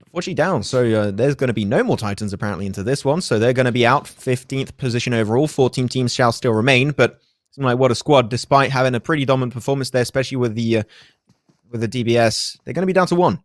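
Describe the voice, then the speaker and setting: Fast-talking male esports caster. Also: mid-range voice, dry recording, studio quality. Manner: rapid, energetic, joking asides. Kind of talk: live play-by-play commentary.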